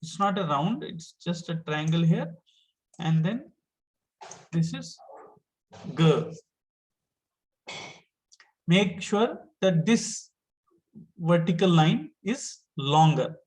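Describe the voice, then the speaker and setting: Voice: medium pitch, expressive, slow pace, long pauses, poor audio. A teacher, giving an online lesson step by step and patiently repeating each point.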